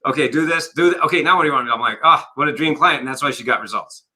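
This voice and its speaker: Bright-voiced man telling coaching stories. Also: fairly high pitch, racing, rough recording. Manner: energetic storyteller, acts out dialogue. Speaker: guest, success coach. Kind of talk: conversational interview.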